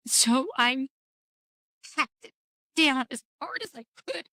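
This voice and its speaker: A woman's voice: high-pitched, slow pace, pauses often, pushed and bright, no room sound. Middle-aged woman, frank and wry, rambly storytelling, dry close mic. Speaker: podcast guest. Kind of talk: candid conversation about grief.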